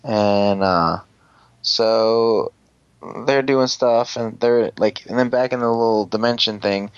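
A man's voice: fairly low pitch, takes it slowly, smooth, no echo. A man hosting a casual show and recapping an episode in a rambling, profane, joking way. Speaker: podcast host. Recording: dull lo-fi recording.

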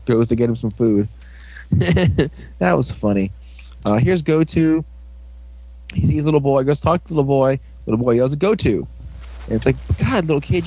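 A man's voice: mid-range voice, normal speed, dark tone, no echo. A young man casually recapping a show episode, joking around and slipping into silly voices for the characters. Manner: rambling, jokey, drops into silly voices for characters. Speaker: podcast co-host recapping an episode.

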